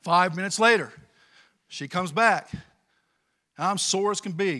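A middle-aged man from California preaching a sermon and telling a childhood story, swinging from quiet to loud as he goes. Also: high-pitched, a little slow, long pauses. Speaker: pastor.

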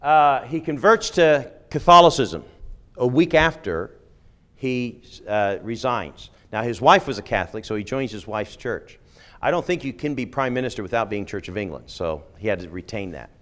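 A man's voice: medium pitch, animated, moderate pace, a bit bright. Emphatic middle-aged male lecturer. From United Kingdom. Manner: emphatic, with frequent "okay?" asides. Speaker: former missionary giving a talk. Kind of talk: conversational lecture on religion.

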